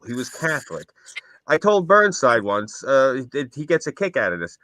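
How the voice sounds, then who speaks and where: A man's voice: medium pitch, sing-song, moderate pace, fairly bright tone, no room sound. A man co-hosting a casual stream, telling rambling anecdotes. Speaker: stream co-host. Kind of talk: casual stream chat, storytelling. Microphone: desk mic on a stream.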